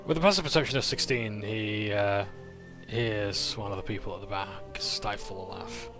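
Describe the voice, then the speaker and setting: A man's voice: fairly low pitch, normal speed, vocal fry, over music. A man casually recapping a tabletop game session, with frequent "uh"s and self-corrections as he narrates.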